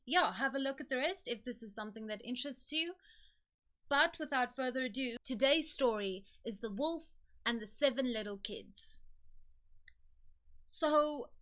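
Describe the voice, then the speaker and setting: A woman's voice: high voice, sharp tone. A woman hosting a book video, retelling a fairy tale in a chatty, conversational way. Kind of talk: casual storytelling retelling.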